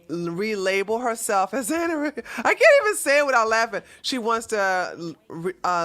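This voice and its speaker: A woman hosting a livestream, chatting in a blunt, animated, casual way. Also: on the low side. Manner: blunt and animated, with frequent restarts. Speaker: livestream host. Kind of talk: casual opinionated chat.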